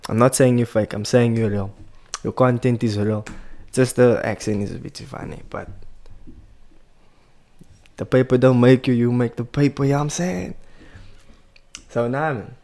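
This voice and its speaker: Man, mid-pitched gravelly voice, loose opinionated reaction chatter. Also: moderate pace, long pauses, mellow. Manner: opinionated, laughs often between remarks. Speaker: reaction video host. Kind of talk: casual reaction commentary.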